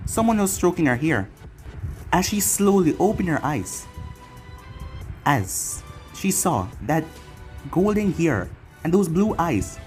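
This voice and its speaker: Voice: medium pitch, big pitch swings, slow, pauses often, a little mellow, faint music behind. A narrator reading an anime fan fiction story aloud in a plain storytelling way.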